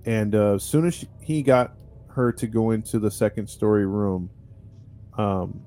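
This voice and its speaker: A man with a low, mellow voice recounts a true-crime case like a podcast host. His delivery is loose and conversational, full of "um" and "you know," and he often restarts a sentence partway through. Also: steady tone, measured pace, soft background music. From United States. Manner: chatty and rambling, with many fillers and restarts. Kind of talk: casual true-crime storytelling.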